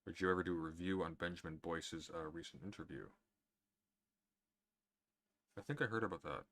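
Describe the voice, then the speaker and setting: A man with a very deep voice, answering chat questions in a casual livestream with dry, sardonic humor. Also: fast, vocal fry, a bit bright, a little hiss or hum.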